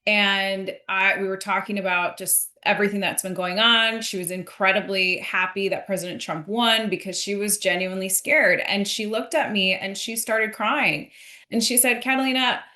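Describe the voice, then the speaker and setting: A woman's voice: medium pitch, steady tone, normal speed, hardly any pauses, bright, forceful tone, echoey room. A woman who is a political candidate, a guest on an interview, telling a story earnestly and with feeling.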